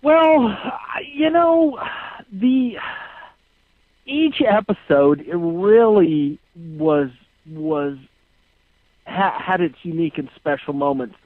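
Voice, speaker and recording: A man calling in to an interview, answering slowly with many hesitations. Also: high voice, lively intonation, dry recording. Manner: hesitant, many fillers and restarts. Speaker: guest calling in. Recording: tinny phone line.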